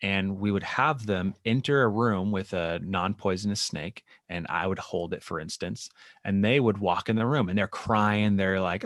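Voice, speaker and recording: A man who works as a therapist, speaking as a podcast guest and explaining his work in an animated way, sometimes acting out what clients and therapists say. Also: deep voice, normal speed, no room sound, clean studio sound. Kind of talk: casual interview chat.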